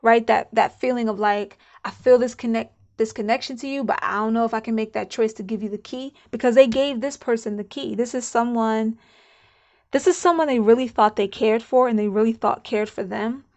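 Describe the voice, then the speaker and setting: A woman's voice: on the high side, fairly quick, darkish tone, lo-fi sound. A woman giving a casual channeled spiritual card reading, musing aloud and repeating herself. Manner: chatty, musing, repeats herself, laughs now and then.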